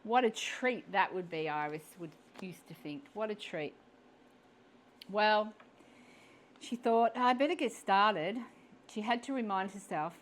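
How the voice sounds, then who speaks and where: A woman's voice: fairly low pitch, slight background noise. A woman reading her own story aloud, adding chuckling personal asides between passages.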